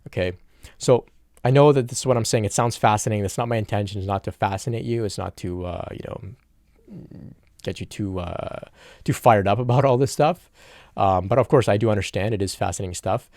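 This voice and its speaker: Man, spiritual teacher, solo talk; low gravelly voice, dry close sound, steady repetitive reassurance. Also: a little fast, dry recording. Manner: calm, repetitive, reassuring, with frequent "of course" and "okay?".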